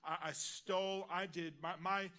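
A man preaching a sermon in a church, earnest and personal, dropping his voice quietly on key lines. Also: high-pitched, level tone, normal speed, smooth. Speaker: guest preacher. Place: large church auditorium.

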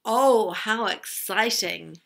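A spoilt young princess from a storybook, all sugary sweetness over a bossy streak, as a woman reads her aloud. She speaks slowly in a bright voice with a gravelly edge. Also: medium pitch, expressive, slight background noise, full character voice. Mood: bossy excited. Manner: sweet, bossy and mock-innocent.

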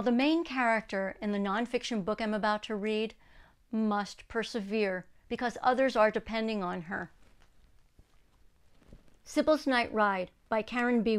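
Woman, read-aloud host, children's book, clear and explanatory, slightly high voice. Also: a bit bright. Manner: clear, explanatory, asks listeners questions.

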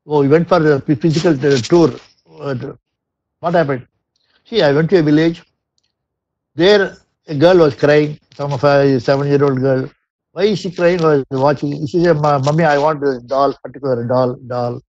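A man's voice: on the high side, moderate pace, pauses often, darkish tone, a little hiss or hum. A man with an Indian English accent gives a spiritual discourse, reciting Sanskrit verses and explaining them in English, often restarting his sentences. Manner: frequent restarts and repetitions. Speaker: satsang speaker. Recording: dull lo-fi dry recording.

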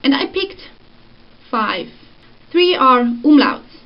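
A woman's voice: high voice, sing-song, slow, creaky, lo-fi sound. A young woman, casually explaining pronunciation in a vlog lesson. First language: Swiss German. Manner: easygoing, explains with examples. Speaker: vlogger.

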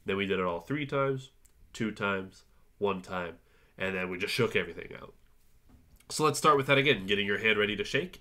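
A man with a low voice, lively intonation, and a brisk pace teaches a virtual music lesson to young children. He cheerfully guides them through warm-ups and counts along.

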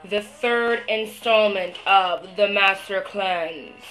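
A young woman talking to the camera in a video diary, venting her frustration, swearing a lot and pausing often with fillers. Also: mid-range voice, a bit bright, soft background music, rough recording. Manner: hesitant, many fillers. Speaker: vlogger.

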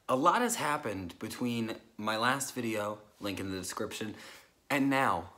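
A man's voice: on the low side, expressive, measured pace, bright, forceful tone. A young man vlogging to camera in a nervous, overdramatic, rambling way. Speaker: YouTuber. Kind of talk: casual vlog to camera.

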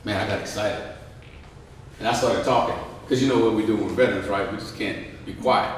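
A veteran man giving a lively motivational speech, joking and asking the crowd questions. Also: lowish voice, a little fast, a little hiss or hum. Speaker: guest speaker, veteran. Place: large indoor hall. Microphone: distant microphone. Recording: echoey hall, distant mic.

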